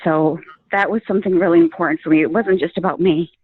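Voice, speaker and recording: A woman's voice: on the low side, fairly even intonation, fast, breathy edge. A woman telling her own story in a casual interview, earnest and full of fillers. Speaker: guest sharing her coaching story. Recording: tinny, phone-like, dry line.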